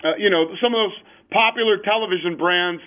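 A man's voice: high voice, a little fast. A man being interviewed over the phone, talking in a blunt, emphatic way. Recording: tinny phone line.

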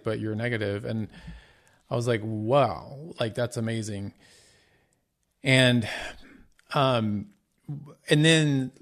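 Podcast host, middle-aged man, candid storytelling, frequent restarts, average pitch. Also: creaky. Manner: candid, earnest retelling with many restarts and quoted dialogue. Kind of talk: personal storytelling.

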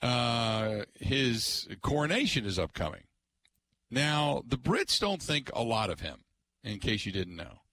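A man's voice: mid-range voice, measured pace, no room sound. A man hosting a sports radio show, telling stories in a casual chat and laughing often. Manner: laughs often, animated storytelling.

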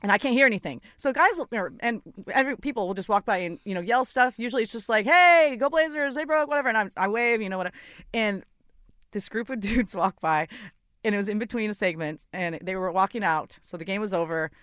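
A woman's voice: medium pitch, fast, no room sound. A woman guest in a studio chatting, telling a funny story with lots of laughter and quoted dialogue. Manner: animated, laughs often, quotes herself. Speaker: in-studio guest, sideline reporter. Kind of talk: casual chat, storytelling. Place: radio studio.

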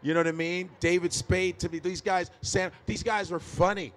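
With a high, steady voice at a moderate pace, a Chicago-born stand-up comic guests on a live podcast. He spins stories in casual interview chat, cursing freely and laughing a lot.

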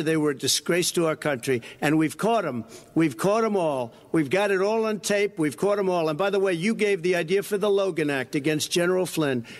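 Man, debate clip, combative, repetitive, high pitch. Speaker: debating politician. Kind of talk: debate speech.

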